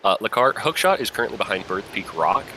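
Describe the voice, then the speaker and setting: A man's voice: lowish voice, very animated, fast, bright, forceful tone, slight background noise. A man commentating a live game tournament in a casual way, explaining the game's logic and thinking aloud.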